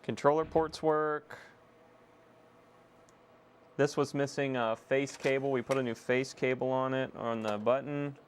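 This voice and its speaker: A young man casually chatting to viewers on a live stream while repairing a console, excitable and swearing freely. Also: mid-range voice, a little slow, long pauses, slight background noise. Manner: excitable, swears, self-deprecating laughs.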